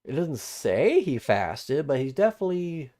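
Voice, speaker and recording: A slightly high, warm male voice with big pitch swings moves at normal speed as he hosts a live-streamed Bible study. He reads verses aloud, then comments casually, rereading and repeating phrases while thinking them through, with plain-spoken asides between formal scripture.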